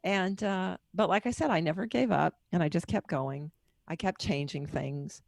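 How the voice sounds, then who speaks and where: Gravelly, dry-voiced woman telling her story. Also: on the low side, moderate pace, dry recording. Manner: candid, personal, discursive. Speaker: guest author and book marketing coach. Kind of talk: candid podcast interview storytelling.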